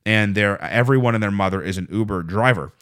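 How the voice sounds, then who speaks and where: A man's voice: lowish voice, fairly quick, a bit bright. A man hosting a solo podcast, telling a rambling, self-deprecating story with plenty of swearing. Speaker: podcast host.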